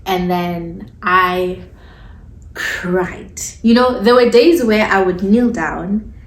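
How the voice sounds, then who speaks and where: A woman's voice: medium pitch, slow pace. Candid woman telling her story, echoey room. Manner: candid and conversational, informal phrasing. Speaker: esthetician sharing a faith testimony. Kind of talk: personal testimony, casual storytelling.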